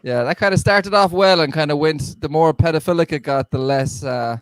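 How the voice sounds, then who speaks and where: A man's voice: on the high side, normal speed, heavy background noise. A young man doing a stand-up set on a video call, rambling and self-deprecating with stammering restarts. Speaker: stand-up comedian. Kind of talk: online stand-up set and casual chat.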